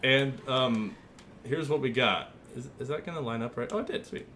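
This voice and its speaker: A young man streaming a game talks fast to his chat as he designs a paint scheme, joking and easily tickled. His medium-pitched voice is a bit bright, with a little hiss or hum underneath.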